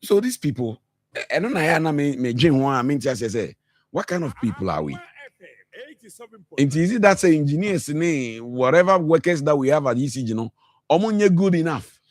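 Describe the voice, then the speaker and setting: A man's voice: on the high side, big pitch swings, brisk, a little mellow, no room sound. A Ghanaian man with a Ghanaian accent arguing passionately on a radio talk show, mixing English with Twi and repeating himself as he presses his points. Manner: passionate, mixes English with Twi, frequent repetitions. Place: radio studio.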